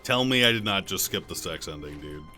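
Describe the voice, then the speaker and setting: Bright-voiced joking male streamer. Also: low-pitched, expressive, soft background music. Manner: crude, joking, reads text aloud quickly. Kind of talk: casual gameplay commentary.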